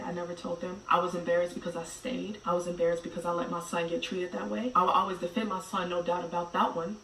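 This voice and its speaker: A woman telling a personal story in a blunt, direct way, going from loud to hushed. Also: lowish voice, reverberant, far from the mic, slight background noise, poor audio. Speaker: vlogger telling her story. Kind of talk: emotional storytelling.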